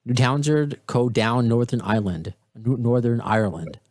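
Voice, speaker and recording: A male podcast host talks in a loose, excited ramble, backing up and restarting mid-sentence. His voice sits in a middle register, and the close studio sound is dry with no room echo. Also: medium pitch, moderate pace. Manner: rambling, enthusiastic, many restarts. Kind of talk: casual podcast talk.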